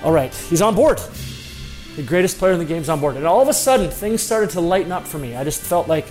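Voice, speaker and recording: A former hockey player telling a story about himself in a casual, animated, self-mocking way. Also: male voice, on the high side, fast talker, faint music behind.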